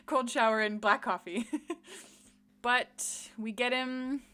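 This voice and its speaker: Chatty, animated woman podcast co-host. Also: fairly high pitch, clean tone. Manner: chatty, animated retelling, quick to laugh. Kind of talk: casual chat recapping a TV episode.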